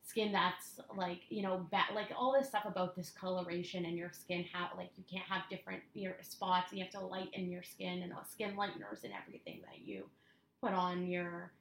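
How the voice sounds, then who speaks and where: A woman's voice: fairly low pitch, moderate pace, vocal fry, fairly bright tone, reverberant, a little hiss or hum, poor audio. A woman co-hosting a podcast, talking in an opinionated casual way with many "like"s. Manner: opinionated, lots of "like". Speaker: podcast co-host. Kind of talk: casual chat.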